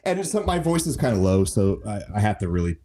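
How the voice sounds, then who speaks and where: A man's voice: fairly low pitch, sing-song, fairly quick, warm tone. A man chatting as a podcast guest, self-deprecating and rambling, breaking into laughter. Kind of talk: casual chat.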